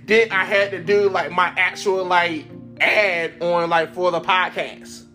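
Male podcast host, high voice, animated storyteller, a little congested, faint music under him. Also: a little slow. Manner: animated, laughs often, acts out quoted voices. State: congested from sinuses. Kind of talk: casual storytelling monologue.

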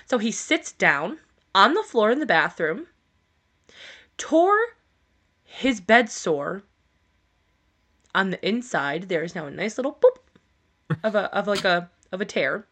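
A woman's voice: medium pitch, big pitch swings, slow, pauses often, a bit bright, slightly rough. A woman co-hosting a podcast, telling a story in casual chat, swearing freely and laughing as she goes. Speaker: podcast co-host.

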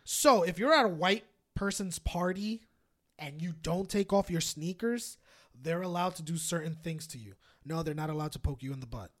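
A young man co-hosting a podcast, telling a story in casual chat, animated and swearing, often laughing. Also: a little high, moderate pace. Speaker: podcast co-host.

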